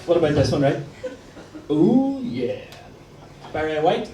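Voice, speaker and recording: A man's voice: fairly high pitch, big pitch swings, measured pace. A male stand-up comedian doing a live set, chatty and teasing as he works the crowd. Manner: cheeky, chatty, teasing the audience. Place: live comedy venue stage. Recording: roomy distant live room with crowd noise.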